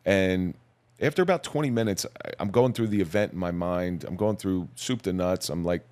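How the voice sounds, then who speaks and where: A middle-aged man, a police officer, recounting his story in a measured, somber, plain-spoken way as a podcast guest. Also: low voice, darkish tone. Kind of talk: personal storytelling in a podcast interview.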